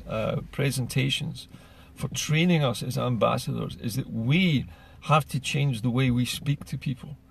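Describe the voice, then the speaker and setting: A man's voice: medium pitch, creaky, a little hiss or hum. A man, speaking in an earnest, persuasive political monologue full of rhetorical questions. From Scotland. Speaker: political commentator.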